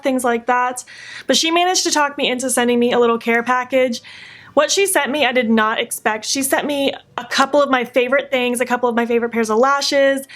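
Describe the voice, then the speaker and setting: A woman's voice: fairly high pitch, fairly bright tone. A young woman chatting effusively to camera in a casual makeup vlog, gushing and chatty. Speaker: beauty vlogger.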